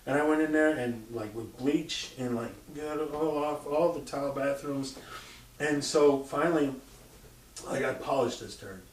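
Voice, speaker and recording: Chatting casually, a man relates stories, swearing freely while mimicking sounds and quoting people. His voice is mid-range at a normal speed, with slight background noise present. A distant mic makes the sound roomy.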